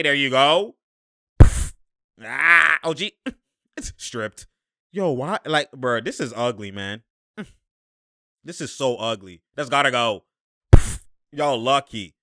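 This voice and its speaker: A young man talking casually and excitably as he reacts to basketball footage, laughing and using slang. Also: a little high, dry recording, studio quality. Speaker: sports commentator reacting to game footage. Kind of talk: casual live game reaction.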